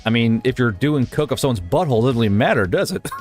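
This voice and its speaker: A man's voice: mid-range voice, fast talker, slightly rough, faint music behind. A man co-hosting a casual podcast, ranting and telling stories with lots of swearing. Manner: animated, profane ranting storyteller. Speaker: podcast co-host.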